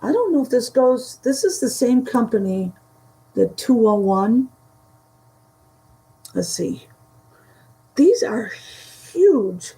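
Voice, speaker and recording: A woman chatting casually through a vintage haul, halting and giggly, her voice starting to go from a dry throat. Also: fairly high pitch, sing-song, dark tone, low-quality recording. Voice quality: gravelly, slow and halting. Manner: chatty, giggly, trails off mid-sentence. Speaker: vintage reseller showing a haul. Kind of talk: casual chat to a live audience.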